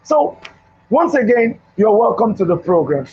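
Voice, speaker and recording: A man's voice: sits high, big pitch swings, a little slow, breathy edge. A male host giving a motivational talk with a Bible story, preacherly and repeating phrases for emphasis, in a studio. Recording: dull lo-fi recording.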